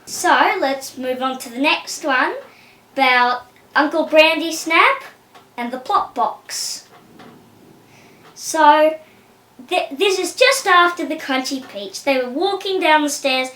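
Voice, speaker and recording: Woman telling family tales, slow and chatty, high voice, roomy recording. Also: animated, sharp tone. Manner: chatty, unhurried, acting out quotes. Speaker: family storyteller. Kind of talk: casual storytelling.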